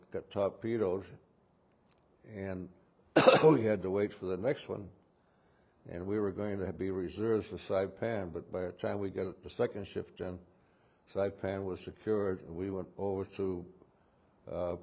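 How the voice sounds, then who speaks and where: An old man in his eighties speaks with a Massachusetts accent in a deep, mellow, gravelly voice. He reminisces in a halting, rambling way, full of uh's and restarts. The recording is dull and lo-fi. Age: 80s. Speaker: war veteran interviewee. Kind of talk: recalling memories in an interview.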